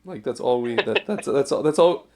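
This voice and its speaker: Laid-back podcast co-host with lively pitch. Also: male voice, normal speed. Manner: laid-back, lots of backchannel "mm-hmm". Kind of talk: casual chat. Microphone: online call with cheap mic.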